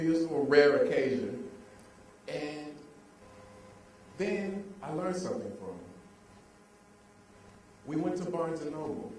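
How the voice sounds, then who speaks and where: A man's voice: on the high side, a little mellow. A young man giving a live motivational talk, telling stories and leading call-and-response with a crowd. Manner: call-and-response, laughing, storytelling. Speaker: motivational speaker. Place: large hall with live audience. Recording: echoey room, distant mic, faint noise.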